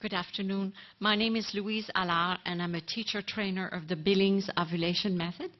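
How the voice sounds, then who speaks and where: A woman introducing the next speaker at a conference, polite and measured. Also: mid-range voice, steady tone. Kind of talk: formal introduction. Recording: dull muffled audio.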